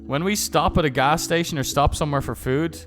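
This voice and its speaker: A man's voice: fairly high pitch, fairly quick, fairly bright tone, soft background music. A young man live-streaming, telling rambling, profane stories in casual chat and often restarting his sentences.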